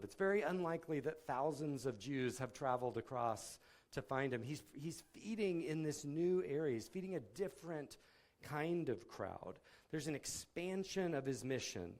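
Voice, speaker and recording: A man's voice: fairly high pitch, a little mellow. A man giving a sermon in a conversational tone, often acting out quotes from the people in the story. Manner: conversational, with filler words and restarts, acting out quotes. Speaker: pastor.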